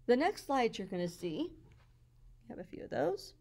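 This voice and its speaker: A woman teacher walking through her classroom slides in a patient, explanatory way, sounding out words slowly. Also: a little high, very animated, gravelly, warm tone.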